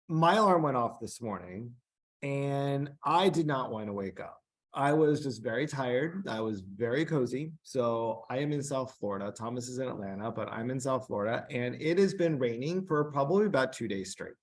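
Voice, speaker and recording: A man's voice: medium pitch, lively intonation, moderate pace. Chatty upbeat male podcast host. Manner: upbeat, chatty, many fillers. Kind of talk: casual chat.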